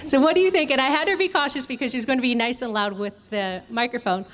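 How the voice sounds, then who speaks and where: Quick and high-voiced, a female communication trainer runs an interactive workshop, quizzing her audience and demonstrating voice techniques.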